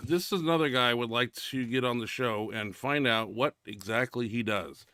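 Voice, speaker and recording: A man's voice: medium pitch, normal speed, sharp tone, clear, resonant tone, no room sound, clean studio sound. A man hosting a powerlifting show, rambling casually over lifting videos with restarts and filler.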